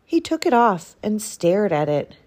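A woman reads a children's picture book aloud in an expressive storytelling manner. She takes her time, and her pitch rises and falls a lot. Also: unhurried. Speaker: storybook reader.

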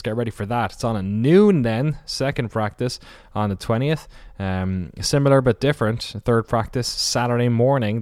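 A man talks through a solo podcast off the cuff, rambling and swearing and catching his own slips as he goes. His voice sits a little low. The sound is close and dry, with no room around it. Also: darkish tone, no room sound. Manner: rambling, off-the-cuff, swears, corrects himself often. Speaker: podcast host.

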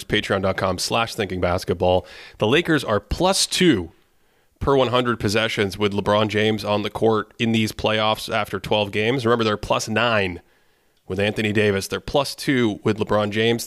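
A man's voice: lowish voice, fairly bright tone, dry recording, clean studio sound. A man hosting a casual basketball podcast, who reads out stats and laughs between his points. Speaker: podcast host.

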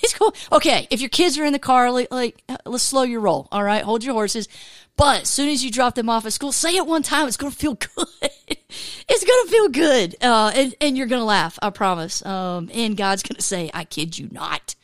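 A woman hosting a casual faith podcast, animated, laughing often and filling her talk with "man" and "dude.". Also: fairly high pitch, fairly quick, dry recording, studio quality. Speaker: podcast host.

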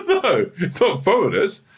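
A man's voice: high-pitched, takes it slowly. A man co-hosting a casual comedy podcast, swearing freely and acting out scenes as he tells them. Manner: animated, sweary, acts out scenes. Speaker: podcast co-host. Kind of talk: casual comic chat.

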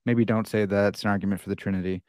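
A man's voice: fairly low pitch, steady tone, racing, a little mellow, no room sound, clean studio sound. An American man hosting a podcast, chatting casually and poking fun at himself, with lots of fillers. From United States. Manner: chatty, self-deprecating, many fillers. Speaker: podcast host.

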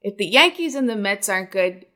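Bright, animated woman in casual chat. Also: mid-range voice, fairly quick. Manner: animated, rambling, self-deprecating. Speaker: podcast co-host. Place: New York City.

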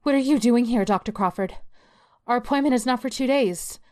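A woman's voice: medium pitch, a little slow, dark tone, pitched above the performer's own voice, natural voice. A woman voicing a frantic, paranoid woman on the edge. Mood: defiant. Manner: desperate, paranoid pleading. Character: frantic deluded woman nurse, mid-breakdown. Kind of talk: dramatic story reading.

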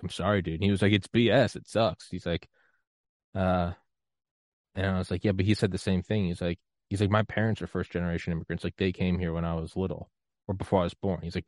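A man's voice: low-pitched, a little mellow, dry recording. A man from the United States hosting a podcast, talking in a loose, rambling, self-deprecating way and laughing often. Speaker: podcast host. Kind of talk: casual conversational interview.

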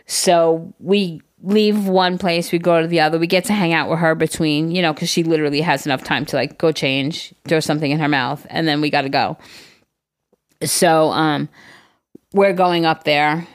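A woman's voice: deep voice, fairly even intonation, moderate pace. A woman in her forties chatting on a podcast, telling a story with swearing and acted-out quotes. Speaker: podcast co-host. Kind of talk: casual chat.

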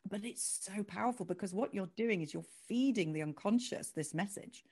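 A woman's voice: mid-range voice, moderate pace, few pauses, slightly rough. A woman, talking animatedly as an author guest in an interview. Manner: animated, expressive, laughs easily. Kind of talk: conversational interview.

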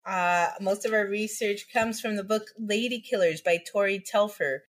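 A woman co-hosting a laid-back podcast chat, her voice mid-pitched and ordinary. She giggles often and keeps a relaxed tone as she introduces the story. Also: moderate pace. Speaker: podcast co-host. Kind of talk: casual chat, presenting a story.

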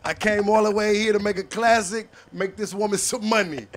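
Battle rapper guest, fairly high male voice, animated slangy storyteller, swears a lot. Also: fairly quick, a little hiss or hum. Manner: keeps asking "you know what I'm saying"; profane, slangy street talk. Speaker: podcast guest telling a story.

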